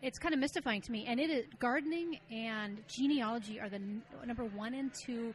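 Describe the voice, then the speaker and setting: A woman co-hosting a podcast, explaining things in a thoughtful, measured way in casual chat. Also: a little high, poor audio. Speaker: podcast co-host.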